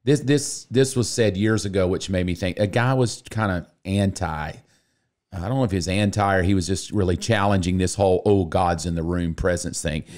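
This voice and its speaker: A middle-aged man who is a pastor, reading scripture and then chatting in an animated, joking way. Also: deep voice, normal speed. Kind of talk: casual podcast chat and scripture reading.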